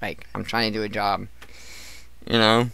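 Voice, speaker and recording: A man's voice: fairly low pitch, little pitch movement, moderate pace, vocal fry, bright, forceful tone, smooth. A man streaming a casual chat, telling stories in a profane, ranting way and acting out the people in them. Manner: profane, ranting storyteller who acts out coworkers.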